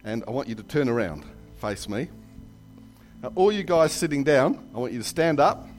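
A man preaching a sermon in a church, telling jokes and stories with lively asides. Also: mid-range voice, moderate pace, faint music behind. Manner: animated storytelling with jokes and asides. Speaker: pastor.

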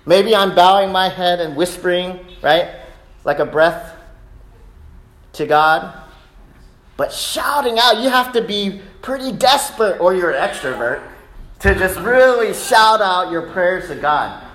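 A man preaching a sermon in a conversational way, often asking "right?" and rising loud and high when acting out cries of prayer. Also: expressive, a little slow, a little hiss or hum. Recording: echoey room.

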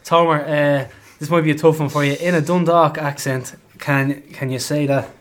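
A man's voice: a little high, fairly even intonation, moderate pace, background noise. A man hosting a casual podcast among football fans, chatty and rambling, laughing often. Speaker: podcast host. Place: pub.

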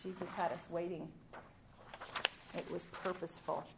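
A woman giving a sermon, reading scripture aloud with emphatic rises and pauses, ending in prayer. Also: fairly low pitch, level tone, gravelly, noisy background. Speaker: preacher.

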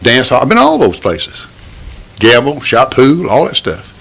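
A man's voice: mid-range voice, huge pitch swings, unhurried, gravelly, a bit bright, breathy edge, rough recording. Middle-aged guy preaching, folksy and pleading, voice swings way up and down. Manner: folksy, pleading, rising to bursts of fervor. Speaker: lay preacher. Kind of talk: informal preaching.

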